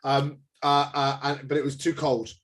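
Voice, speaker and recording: Man, casual live-stream host, mid-pitched voice, laughs a lot, reads comments. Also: level tone, normal speed, a bit bright. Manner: chatty, laughs often, reads out viewer comments. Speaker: co-host of a live wine tasting.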